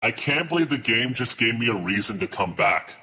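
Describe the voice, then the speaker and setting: A man's voice: mid-range voice, expressive, a little fast, pushed and bright, slight background noise. A man chatting casually on a live stream, ranting in exasperation and swearing as he reads his chat aloud.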